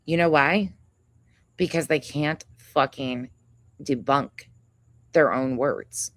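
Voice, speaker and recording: Her voice is low and her delivery slow, with no room sound in the recording. As a livestream host, she angrily rants with heavy profanity, confronting another creator and reading chat names out loud.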